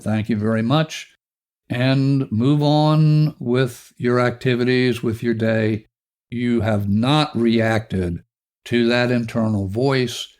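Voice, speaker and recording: Slow, calm man guiding a self-help exercise. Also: medium pitch. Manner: slow, calm, instructive, speaking directly to the listener. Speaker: podcast host.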